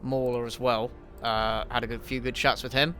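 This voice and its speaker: Sweary, blunt man with a bright voice. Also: mid-range voice, flat delivery, moderate pace, soft background music. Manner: blunt, sweary, hesitant with frequent ums and restarts. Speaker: YouTube channel host answering viewer questions. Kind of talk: casual livestream Q&A while gaming.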